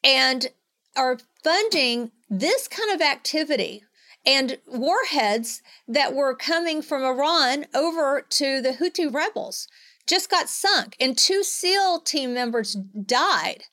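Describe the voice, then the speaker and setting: A woman's voice: sits high, animated, takes it slowly, pushed and bright. A middle-aged woman, speaking as a guest in earnest, emphatic, pleading political talk. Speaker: guest, advocacy leader.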